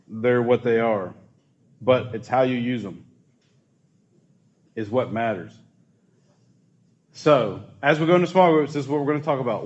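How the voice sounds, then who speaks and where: A man's voice: medium pitch, a little mellow, lo-fi sound. A man leading a casual church youth group talk, chatty and asking the group questions.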